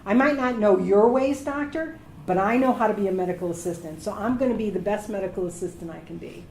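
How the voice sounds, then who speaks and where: A middle-aged woman, a medical assistant, giving career advice to students as a lively storyteller who acts out the voices of people she quotes. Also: medium pitch, quick pace. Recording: echoey room with faint noise.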